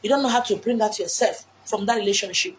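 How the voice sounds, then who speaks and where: A woman with a Nigerian Igbo accent giving blunt, forceful relationship advice outdoors, mixing English, Pidgin and Igbo. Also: medium pitch, fast talker, slight background noise. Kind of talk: outdoor monologue. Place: beach outdoors.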